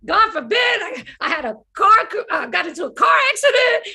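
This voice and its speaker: A woman's voice: very high-pitched, brisk, gravelly, few pauses. A woman actor and filmmaker in a casual online conversation, telling stories and acting out the quoted lines over a video call. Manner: animated storyteller acting out quotes.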